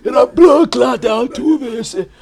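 A man voicing an old Jamaican man who preaches loudly and rants in heavy patois. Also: very high-pitched, lively intonation, measured pace, gravelly, pitched above the performer's own voice, full character voice. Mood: ranting. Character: old Jamaican man ranting about cheaters.

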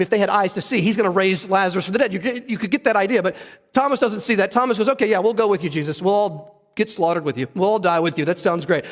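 A man's voice: high-pitched, vocal fry, big-room sound. A man preaching a sermon in church, talking conversationally and putting questions to the congregation. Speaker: pastor. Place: church sanctuary.

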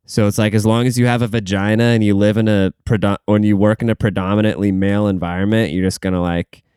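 A man's voice: lowish voice, little pitch movement, quick pace, a little mellow, smooth, dry recording, studio quality. A young man hosting a podcast, rambling and swearing through casual stories, laughing at himself and saying he is tired. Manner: rambling, profane, laughs at his own stories. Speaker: podcast host.

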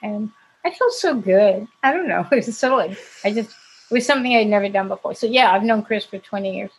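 Woman, actress guest on a video-call interview; husky, chatty storyteller who laughs a lot. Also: mid-range voice, expressive, fairly quick, rough recording. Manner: chatty, laughs often while telling stories. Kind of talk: casual anecdote telling.

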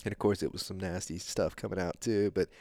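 A middle-aged man hosting a podcast, telling a long story in a rambling, animated way with lots of fillers. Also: deep voice, brisk, gravelly, no room sound, studio quality. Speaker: podcast host. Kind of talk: casual storytelling chat.

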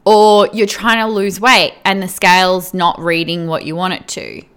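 A woman's voice: on the low side, fairly even intonation, normal speed, a bit bright, clean tone. A woman coach giving earnest direct advice to the viewer, often checking in with "right?" and "okay?". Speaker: weight-loss coach.

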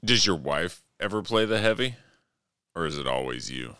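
A man speaks in an extremely deep voice with a lively, up-and-down delivery. His tone is bright and forceful, and the recording is dry with no room echo. He sounds laid-back and laughs easily during casual podcast chat. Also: moderate pace, clear, resonant tone. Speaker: podcast host.

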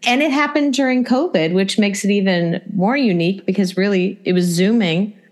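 A woman's voice: medium pitch, normal speed, a little mellow. A woman interviewing a guest, asking questions in a friendly, conversational way.

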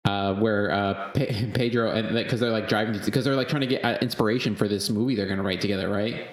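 Casual male co-host, low-pitched, rambling delivery with cursing, roomy sound. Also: fairly even intonation, fast talker. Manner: rambling, profane, laughs often. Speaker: podcast co-host. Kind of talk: casual chat.

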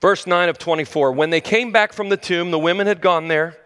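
High-voiced preacher in a reverberant hall. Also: male voice, a little fast, smooth. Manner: dramatic swings between loud high exclamations and low hushed lines; conversational, addresses the listeners directly. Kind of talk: sermon. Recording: long reverb of a large hall.

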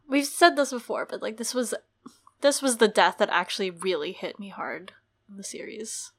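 A young woman co-hosting a casual podcast over a video call, chatting brightly, laughing easily and reading book passages aloud. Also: mid-range voice, unhurried, pauses often. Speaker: podcast co-host.

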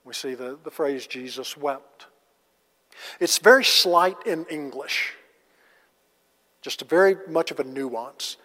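A man's voice: on the high side, a little slow, pushed and bright. A man teaching a conversational Bible lesson, casual and asking the class rhetorical questions. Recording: long reverb of a large hall.

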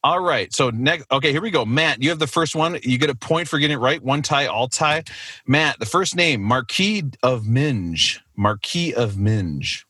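A man's voice: on the high side, brisk, sharp tone, husky, dry recording. A man hosting a casual quiz game with friends over a video call, often laughing at his own jokes. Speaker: quiz host.

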